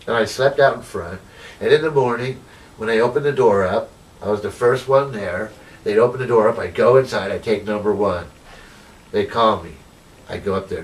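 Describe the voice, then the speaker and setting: A man in a documentary interview telling his story casually, rambling with lots of "you know" and acting out what people said. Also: fairly low pitch. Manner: rambling, filled with "you know", acts out quoted dialogue. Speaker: interviewee, activist. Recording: distant mic with faint ambient noise.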